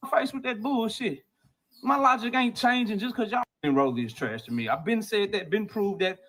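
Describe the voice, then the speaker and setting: A man's voice: high-pitched, moderate pace, a bit bright, slight background noise, low-quality recording. A man talking boxing on his own channel, brash and trash-talking, played as a clip. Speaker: boxing commentator in clips.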